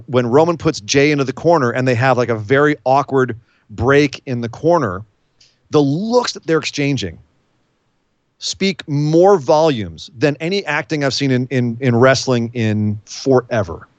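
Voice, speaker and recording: A man co-hosting a casual talk show, recapping events in an animated storytelling way. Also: medium pitch, dry recording, highs cut off. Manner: animated storytelling, acts out quotes. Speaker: podcast co-host. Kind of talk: casual wrestling recap chat.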